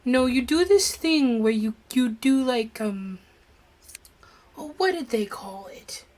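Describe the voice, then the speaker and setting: A woman's voice: a little high, animated, slow, a little mellow. A woman player in a casual tabletop game, teasing and rambling.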